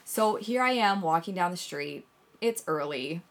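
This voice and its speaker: A woman co-hosting a casual podcast chat, telling a story in an animated way and swearing often. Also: lowish voice, unhurried. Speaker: podcast co-host.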